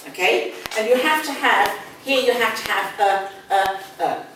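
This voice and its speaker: This older woman, London accent, teaches English in a one-on-one lesson, patient in her explanations and repeating important words. Her voice is on the high side, unhurried and slightly bright. Expect echo, a far-off mic, and faint noise.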